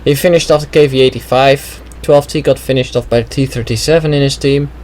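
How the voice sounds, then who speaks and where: A man's voice: mid-range voice, steady tone, a little fast, a little mellow, slight background noise, rough recording. Casual man commenting on a game replay. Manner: casual, chatty, thinking aloud with many "well"s. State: slight throat trouble. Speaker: gameplay commentator.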